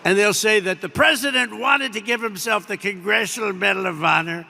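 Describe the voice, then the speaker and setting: Older American man, rambling superlative-heavy speech, rough fry, long hall reverb. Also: high-pitched, brisk, bright, forceful tone, a little hiss or hum. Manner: rambling anecdotes full of superlatives and asides. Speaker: president addressing troops. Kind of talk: off-the-cuff speech to troops. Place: large air base hall.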